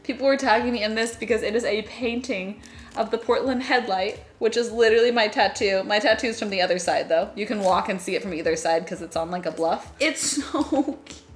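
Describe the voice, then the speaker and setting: A young woman vlogging casually to camera, chatty and excitable, gasping and squealing over what she unwraps. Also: medium pitch, brisk. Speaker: lifestyle vlogger. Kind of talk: casual vlog chat to camera.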